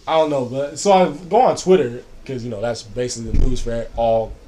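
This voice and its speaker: A young man chatting casually at an ordinary middle pitch. He rambles, piling on fillers and "I was like" as he tells a story. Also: a little fast, mellow, slight background noise. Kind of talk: casual chat.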